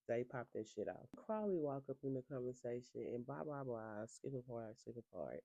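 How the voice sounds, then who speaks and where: Gravelly gossipy recap voice, super dark and dry, cussing and cackling a lot. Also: medium pitch, lively intonation, moderate pace, dry recording, highs cut off. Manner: profane, sassy, laughs often. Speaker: reality TV recap reviewer.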